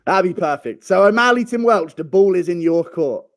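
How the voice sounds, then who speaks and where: Young male streamer, animated and profane, high lively delivery. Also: moderate pace, no room sound, studio quality. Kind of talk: casual ranting commentary.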